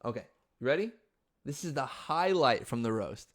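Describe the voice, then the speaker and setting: Excitable young man telling a story. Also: mid-range voice, normal speed, slight background noise. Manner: excitable, profane, frantic. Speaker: podcast host. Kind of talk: casual storytelling chat.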